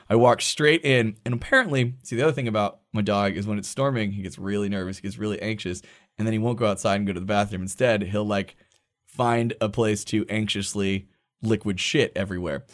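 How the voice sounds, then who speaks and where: A man in his thirties co-hosting a podcast, telling a story in a casual, animated way, acting out quoted voices and swearing freely. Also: fairly low pitch, fairly quick. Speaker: podcast co-host. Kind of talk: casual storytelling among friends.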